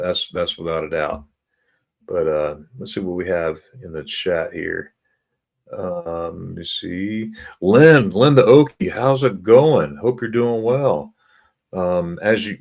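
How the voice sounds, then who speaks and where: A middle-aged man hosting a casual livestream, reading chat comments aloud in a halting way, often repeating words and chuckling. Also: low voice, vocal fry. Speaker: livestream host.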